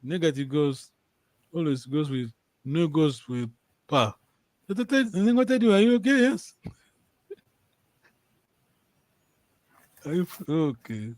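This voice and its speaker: A man's voice: a little high, big pitch swings, slow, long pauses, darkish tone, dry recording. A man teaching a language lesson over a video call, patiently repeating and checking that his students follow.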